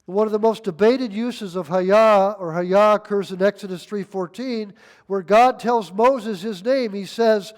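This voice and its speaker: Older man in his 60s, pastor, high-pitched voice, emphatic folksy sermon delivery. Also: a little slow. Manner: emphatic, folksy, reads scripture aloud.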